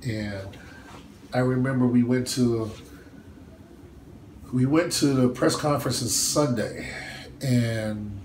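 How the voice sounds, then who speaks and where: Male interview guest: a lively storyteller who acts out the quotes, recorded in a reverberant room with light background noise. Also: slow, pauses often. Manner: animated, acts out quotes with big pitch jumps, laughs often. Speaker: bodybuilder guest.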